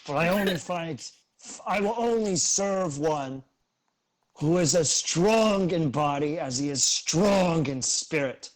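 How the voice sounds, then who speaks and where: A man voicing a hulking male ogre warrior who speaks slowly and formally. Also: on the high side, expressive, voice pushed up. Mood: solemn.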